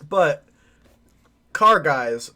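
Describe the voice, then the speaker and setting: A man's voice: a little high, animated, very slow, sharp tone. A man co-hosting a podcast, chiming in with short, dry wisecracks during a casual chat. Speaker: podcast co-host.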